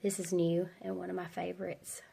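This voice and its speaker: A woman's voice: fairly low pitch, level tone, fairly quick, gravelly, warm tone, husky. A woman in her forties with a stuffy head cold, chatting casually as she shows her home and rambles with a few ums. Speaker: homeschooling mom vlogger. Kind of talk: casual home-tour chat. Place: her own house, indoors.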